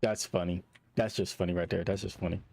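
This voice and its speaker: A man's voice: low voice, fairly even intonation, quick pace, vocal fry, a little mellow. A man from the United States giving short, laid-back replies in casual gaming chat with a streamer.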